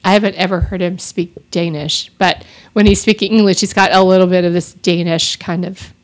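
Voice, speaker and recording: A woman's voice: fairly low pitch, steady tone, brisk. A woman co-hosting a podcast, chatting casually and drifting off on tangents. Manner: chatty, digressive. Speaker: podcast co-host. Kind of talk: casual chat about audiobooks.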